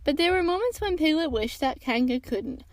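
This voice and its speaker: High-voiced woman reading a storybook. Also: lively intonation, normal speed, no echo, rough recording. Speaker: podcast storyteller. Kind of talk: storybook read-aloud narration.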